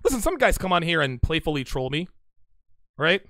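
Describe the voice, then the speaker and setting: A man's voice: a little high, very animated, brisk, pushed and bright, no echo, clean studio sound. A man hosting a casual live stream, reading viewer chat aloud and answering with blunt, teasing banter. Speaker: livestream host reading chat.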